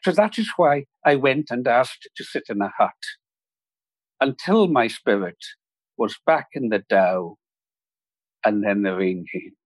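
A man voicing a wizened, calm old male rainmaker in a spoken story, in an unhurried storytelling manner. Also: medium pitch, no room sound. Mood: serene.

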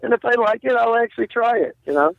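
A man with a rather high voice tells a joke as a comedian guest, acting out the voices as he goes. His line sounds muffled and dull, with no room echo around it. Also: fast, gravelly. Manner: animated storyteller who acts out the voices in his joke. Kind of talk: phone interview, telling a joke.

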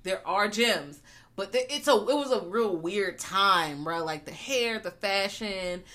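Woman, casual film recap chat, animated, profane, bright and forceful tone. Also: medium pitch, unhurried. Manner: animated, profane, acts out quotes. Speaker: podcast co-host.

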